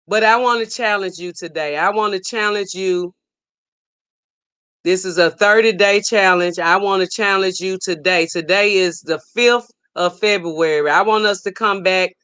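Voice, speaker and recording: A woman's voice: mid-range voice, bright, forceful tone, clean tone. A middle-aged woman hosts a live stream, reading viewer comments aloud and preaching emphatically, repeating her points for emphasis. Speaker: livestream host.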